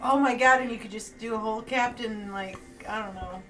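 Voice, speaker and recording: A woman playing a tabletop game, chatting and joking in a lively way. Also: a little high, fairly quick, distant mic, very noisy. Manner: lively, joking, laughing often. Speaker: player. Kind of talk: casual chat at a game table.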